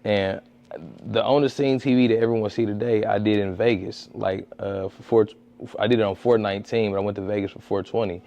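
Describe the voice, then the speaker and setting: A man's voice: brisk, dull audio. A man, a comedian, chatting casually in a podcast interview, telling stories and acting out quotes with frequent restarts. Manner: animated storyteller, acts out quotes in a high voice, many restarts. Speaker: comedian and street-interview content creator. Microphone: podcast studio mic.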